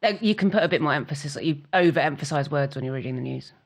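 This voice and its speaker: Woman with a deep voice tossing in quick dry comments off to the side. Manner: brief, dry interjections. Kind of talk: casual chat.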